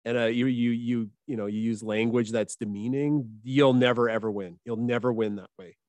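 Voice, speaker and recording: A man who hosts a science podcast, speaking as a guest in a thoughtful, measured way with some hesitant restarts. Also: medium pitch, fairly even intonation, darkish tone, no echo. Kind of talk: casual interview chat.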